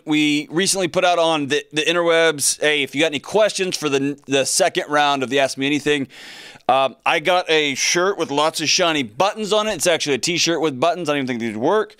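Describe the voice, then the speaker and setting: A man's voice: on the high side, a bit bright, smooth, dry recording. A man hosting his own podcast in a studio, chatting casually and energetically with rambling, joking asides. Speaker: podcast host. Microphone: studio mic with earphones.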